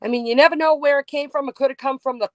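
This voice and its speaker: A woman's voice: high voice, steady tone, racing, no room sound. A woman hosting a podcast over a call, talking with many restarts and fillers in an emotional, casual way. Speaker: podcast host. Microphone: remote call.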